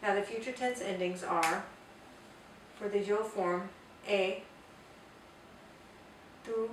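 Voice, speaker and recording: A woman's voice: medium pitch, measured pace. Woman teaching in a roomy space. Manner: clear, patient, spells out examples. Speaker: Spanish teacher. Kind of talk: explanatory language lesson. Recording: roomy, distant mic, faint hiss.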